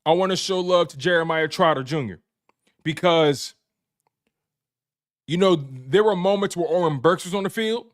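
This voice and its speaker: His voice sits on the high side, moving at a moderate pace with frequent pauses. He hosts an excited live-stream sports recap, speaks directly to his chat, repeats phrases for emphasis, and takes super chats.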